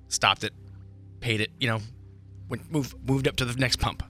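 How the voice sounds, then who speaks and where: A man co-hosting a morning radio show, telling a story in an animated way and acting out his own shouting. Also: medium pitch, normal speed, soft background music. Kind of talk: casual radio banter.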